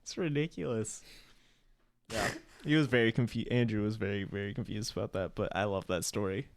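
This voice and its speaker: A young man with a fairly low voice tells a rambling, funny story on a podcast. The sound is close and dry, with no room around him. He jumps into the voices of the people he quotes and laughs along. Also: fairly even intonation, fairly quick, no room sound. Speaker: podcast co-host. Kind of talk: casual storytelling chat.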